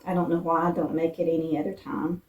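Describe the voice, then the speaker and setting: A woman from Appalachia hosting a casual cooking vlog in her home kitchen, chatting homey with fillers, her voice a bit rough from morning. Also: low voice, little pitch movement, fast, a little mellow, dull audio. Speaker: vlog host. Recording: roomy echo, distant mic.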